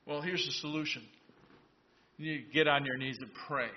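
High-voiced man preaching a sermon. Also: normal speed, muffled recording, slight background noise. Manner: storytelling, voices biblical characters in asides; conversational, asks the congregation questions. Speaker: pastor.

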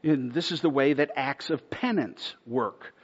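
A man preaching a sermon in an earnest style, building to loud, emphatic stretches and dropping to a hush on key words. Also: mid-range voice, a little slow, slightly rough, highs cut off. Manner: earnest preaching, swells louder to a near-shout at points, drops to a hush on key words. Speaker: pastor.

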